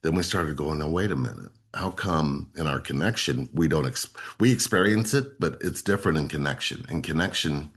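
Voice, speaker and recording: Speaking at a moderate pace with lively intonation and hardly any pauses, this co-host, a relationship coach, has a very deep, husky voice. His casual talk is earnest and explanatory, full of repetition for emphasis as he guides listeners through his program.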